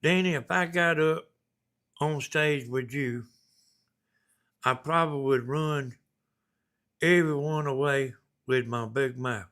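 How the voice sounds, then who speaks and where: A man's voice: on the high side, slow, long pauses, fairly bright tone. A man with a Southern US accent hosting a casual live stream, reading viewer messages and rambling in a folksy way.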